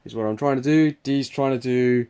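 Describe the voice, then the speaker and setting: A man's voice: mid-range voice, brisk, mellow, clear, resonant tone, dull audio. A man hosting a board game preview, explaining the game in a rambling, chuckling, casual way. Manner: rambling, chuckling, restarts sentences.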